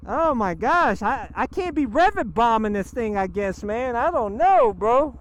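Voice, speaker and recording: A man talking casually on a motorcycle ride, excitable and slangy, often breaking into exclamations. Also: very high-pitched, unhurried, slight background noise. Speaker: motorcycle vlogger. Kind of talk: casual riding vlog. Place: outdoors on a motorcycle.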